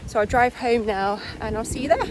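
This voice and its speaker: A woman, a doctor vlogging in a soft, candid, introspective way. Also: on the high side, fairly quick, over loud music. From United Kingdom. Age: 40s. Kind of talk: reflective vlog talk to camera.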